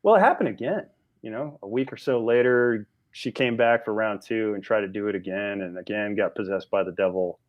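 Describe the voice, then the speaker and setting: A man in his forties, a podcast guest telling a story in a casual, animated way with frequent restarts. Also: on the low side, a little fast, lo-fi sound. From United States.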